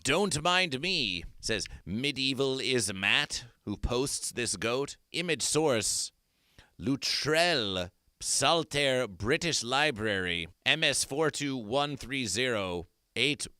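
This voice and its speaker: Theatrical man with a bright voice. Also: lively intonation, slow pace, clean tone, no echo, clean studio sound. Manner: theatrical, swooping pitch, repetitive chanting. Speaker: host. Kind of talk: absurdist comedy stream commentary.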